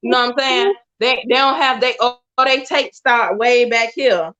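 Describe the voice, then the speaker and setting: Bright, high-voiced woman teasing bluntly. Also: normal speed. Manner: blunt, teasing, frank about dating. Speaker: podcast guest. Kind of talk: casual live podcast banter. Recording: dull lo-fi stream audio.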